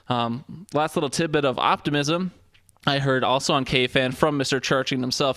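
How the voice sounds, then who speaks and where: A man's voice: medium pitch, a bit bright, no echo. A man co-hosting a casual sports podcast, rambling through game recaps with lots of fillers and the odd joke. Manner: rambling, filler-heavy, joking. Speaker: podcast co-host.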